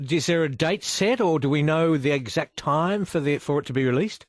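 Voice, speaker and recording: Eager radio host, dry close sound. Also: male voice, a little high, brisk, dry recording. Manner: enthusiastic, rambling questions with restarts. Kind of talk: radio interview. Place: radio studio.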